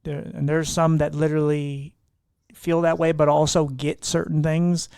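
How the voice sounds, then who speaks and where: A man's voice: on the high side, level tone, normal speed, gravelly, darkish tone, smooth, no echo, clean studio sound. A young man in a casual podcast chat, talking bluntly, swearing freely and acting out what other people say. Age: young adult. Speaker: podcast guest.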